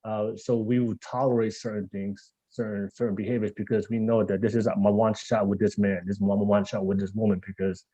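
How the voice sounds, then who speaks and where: A man's voice: lowish voice, mellow, dry recording, lo-fi sound. Laughing, joking male podcast host. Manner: laughs often, jokey and crude. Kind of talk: casual podcast chat.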